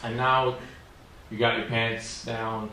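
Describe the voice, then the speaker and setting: A man's voice: mid-range voice, flat delivery, slow pace. A man doing stand-up comedy at a small venue, telling stories in a rambling, self-mocking way full of "like" and "you know.". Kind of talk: stand-up storytelling. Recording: very echoey room, distant mic, faint noise.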